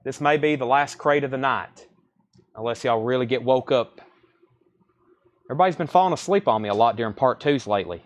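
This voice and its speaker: A man's voice: medium pitch, fairly quick, long pauses. A man hosting a live record sale stream, rattling off titles and prices with casual asides. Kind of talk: live sales stream chat.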